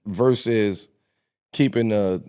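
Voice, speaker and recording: A man hosting a casual interview, asking questions in a relaxed way and laughing along with his guest. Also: fairly low pitch, slow pace, smooth. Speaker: podcast host.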